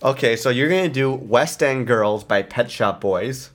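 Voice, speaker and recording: A woman's voice: very deep voice, a little slow. A woman hosting a casual podcast chat, encouraging her co-host as she runs a game.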